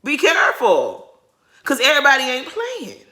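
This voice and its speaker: A woman giving opinionated, animated commentary as she recaps a reality TV episode for her viewers. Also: sits high, normal speed. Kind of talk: casual commentary vlog.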